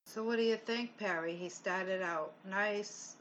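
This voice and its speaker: A woman's voice: medium pitch, measured pace. Chatty woman hosting a paranormal show. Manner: chatty, conversational, asks partner's opinion. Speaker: paranormal investigation show host. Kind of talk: casual commentary on recordings. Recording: muffled lo-fi recording with faint hiss.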